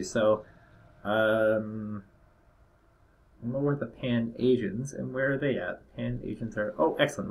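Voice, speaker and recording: A young man casually commenting on his own strategy game playthrough, rambling and hesitant with lots of fillers. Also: medium pitch. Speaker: gameplay commentator. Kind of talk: casual let's-play commentary.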